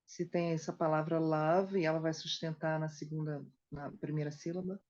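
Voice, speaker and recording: A woman's voice: sits low, steady tone, a little fast, a little mellow, dull audio. A woman interpreting a singing class into Portuguese and adding her own comments. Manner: paraphrases into Portuguese.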